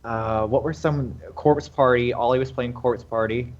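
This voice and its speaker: A man's voice: medium pitch, steady tone, a little slow, far from the mic. Eager man on a muffled mic. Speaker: podcast co-host. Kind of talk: casual podcast chat. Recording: dull lo-fi mic.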